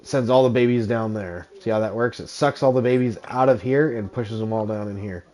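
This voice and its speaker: A man's voice: on the low side, brisk, a little mellow. A man hosting a casual livestream, chatting with viewers and explaining his gameplay while laughing often. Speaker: streamer.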